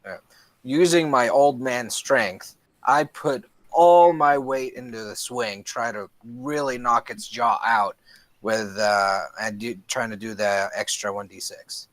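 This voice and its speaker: A man's voice: medium pitch, slow pace, fairly bright tone, no echo. A man playing a tabletop game, describing his actions hesitantly with many fillers. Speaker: player.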